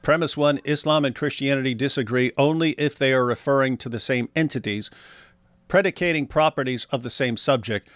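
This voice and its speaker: A man's voice: mid-range voice, a little fast, a bit bright, no room sound. Sarcastic man hosting a debate stream. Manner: sarcastic, emphatic, argumentative. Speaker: host. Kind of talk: livestream debate commentary.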